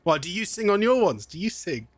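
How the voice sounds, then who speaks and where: A man's voice: high voice, sing-song, brisk. A young English man streaming live, chatting in a rambling way and laughing often, a bit wheezy from asthma. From England. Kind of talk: casual live-stream chat.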